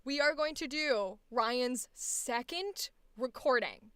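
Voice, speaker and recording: A woman teaching voice acting, gushing over her students in chatty, effusive livestream commentary. Her voice is high, bright and smooth, and sits dry and close to the mic. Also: takes it slowly, no room sound. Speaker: voice acting workshop instructor. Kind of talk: enthusiastic showcase commentary on a livestream.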